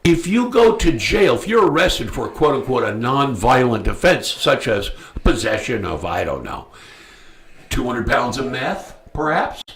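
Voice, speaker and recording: A man hosting a radio talk show, telling a story bluntly and crudely, loudly acting out the people in it. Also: medium pitch, unhurried. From United States. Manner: animated storyteller, acts out quoted voices loudly.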